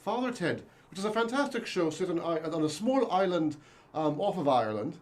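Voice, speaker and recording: A man's voice: a little high, fairly quick. A man hosting an improv comedy show, bantering playfully with his co-host. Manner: playful, animated.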